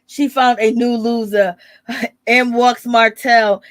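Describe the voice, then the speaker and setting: Female streamer, chatty and animated, higher register, dry close mic. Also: slow pace, dry recording. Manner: animated, greets chat viewers, acts out quotes. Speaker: reality TV commentary host. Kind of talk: casual live-stream commentary.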